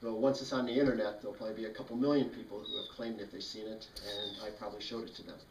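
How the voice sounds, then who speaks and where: A man's voice: lowish voice, little pitch movement, racing, background noise. Wry man telling a story in a roomy space. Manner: dry, wry, matter-of-fact. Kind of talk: casual spoken storytelling. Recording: roomy, mic at a distance.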